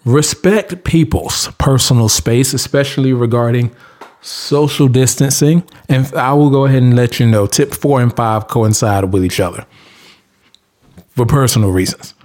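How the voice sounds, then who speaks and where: A man in a casual monologue hands out hygiene and cleaning tips with blunt, preachy insistence. His pitch sits in the middle, and he drives points home by repeating short commands, in loose informal speech. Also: moderate pace, darkish tone. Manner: blunt, preachy, emphatic repetition. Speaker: vlogger giving tips.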